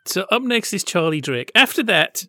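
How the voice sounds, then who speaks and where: A man co-hosting a podcast, chatting casually and with nerdy enthusiasm about old television, quick to laugh. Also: high-pitched, sing-song, pushed and bright, dry recording. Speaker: podcast co-host.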